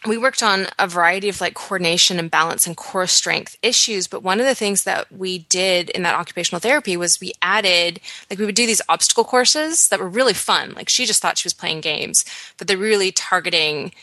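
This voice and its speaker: A woman in her thirties co-hosting a podcast, explaining things in a measured, thoughtful way with frequent pauses. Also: on the low side, pushed and bright, no room sound. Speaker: podcast co-host and blogger. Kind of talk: casual explanatory chat.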